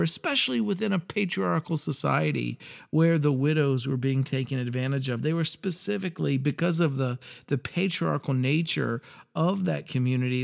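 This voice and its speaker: A man hosting a faith podcast, talking earnestly and reading scripture passages aloud with pauses. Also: on the high side, gravelly. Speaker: podcast host. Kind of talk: reflective faith podcast talk.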